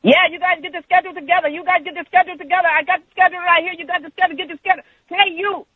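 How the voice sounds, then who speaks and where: A high, shrill woman teacher hollers her orders and repeats herself, bossy and relentless, as a man puts her on while telling a story. The voice comes through a tinny, dry phone line. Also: fairly even intonation, racing, no room sound. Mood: bossy hollering. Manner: hollering, repetitive.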